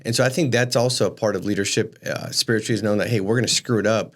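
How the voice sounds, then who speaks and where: A man in his thirties co-hosting a podcast, telling stories in casual chat and jumping up in pitch to stress a point. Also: rapid-fire. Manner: animated storyteller, rises in pitch for emphasis. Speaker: podcast co-host.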